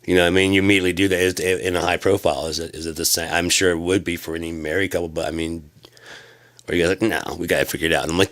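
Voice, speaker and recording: A man talking in a rambling, casual rant, halting with many restarts and sudden profane outbursts. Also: steady tone. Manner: profane, loud bursts of high-pitched exclamation. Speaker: vlogger.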